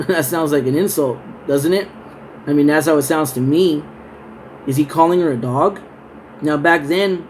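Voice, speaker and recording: Male Bible teacher, slightly higher voice, unhurried verse reading, relaxed chatty explanation. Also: a little hiss or hum, low-quality recording. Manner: reads verses slowly, then explains in loose conversational asides. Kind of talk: scripture reading and casual Bible study talk.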